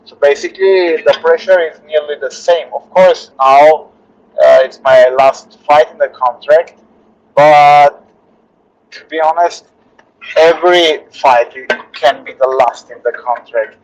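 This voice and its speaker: A male fighter answering interview questions earnestly in halting, restarting English. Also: fairly high pitch, fairly even intonation. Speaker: UFC fighter being interviewed. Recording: slightly dull lo-fi audio.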